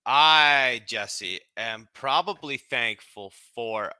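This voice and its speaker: A man's voice: medium pitch, drawn-out words, sharp tone, smooth, no room sound. A Canadian man co-hosting a sports podcast in easygoing chat, rambling and restarting his sentences. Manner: rambling, self-interrupting, chummy. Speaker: podcast co-host.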